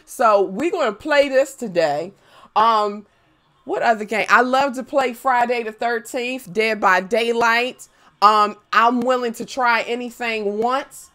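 Greeting viewers with loud squeals, this young gaming streamer keeps up playful, swear-filled chatter. She speaks unhurriedly in a slightly high voice.

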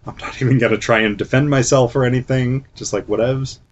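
A man's voice: medium pitch, steady tone, fairly quick, soft background music, close to an everyday voice. A bored, slangy vampire count shrugs everything off as a man puts him on. He sounds casual and dismissive, on a dull lo-fi recording.

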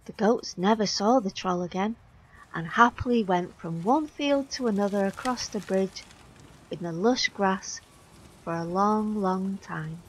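A woman's voice: mid-range voice, a little slow, a little hiss or hum, low-quality recording. A woman painter, cheerful and chatty, talking and telling a story outdoors by a canal. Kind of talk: casual chat and storytelling.

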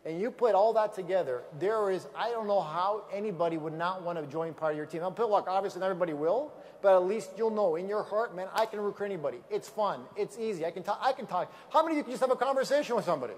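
A man giving an energetic motivational talk on stage with slides, emphatic and repeating key phrases for effect. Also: high-pitched, fast, hardly any pauses, long reverb tail, a little hiss or hum. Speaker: business opportunity speaker.

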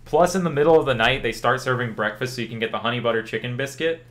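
Speaking quickly in a mid-range voice, a young man from Louisiana hangs out with his stream audience. His talk wanders, he's easygoing and chatty, he responds to chat, and "like" comes up constantly.

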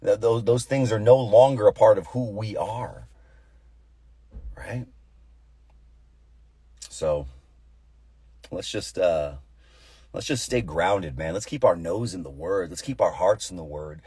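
A man's voice: low voice, slow pace, pauses often, warm tone, husky, dry recording. A man giving an informal devotional Bible teaching, earnest and repeating phrases for emphasis.

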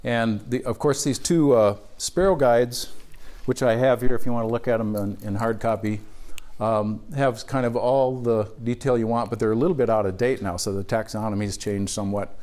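An older man from Wisconsin gives a relaxed, chatty birding workshop to a live audience, chuckling at his own stories between frequent fillers. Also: mid-range voice, moderate pace. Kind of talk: casual lecture to a live audience.

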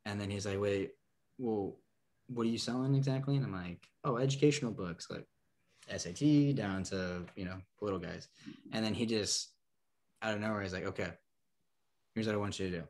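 This young adult Nebraskan has a lowish voice, talks a little fast, and pauses often. As a podcast guest he rambles through a long, casual story full of "like" and "um," acting out its characters with lively quotes.

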